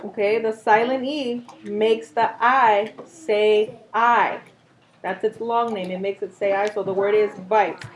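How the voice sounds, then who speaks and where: Slow, patient woman teacher. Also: medium pitch, fairly even intonation. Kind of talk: classroom instruction. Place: classroom. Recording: faint background noise.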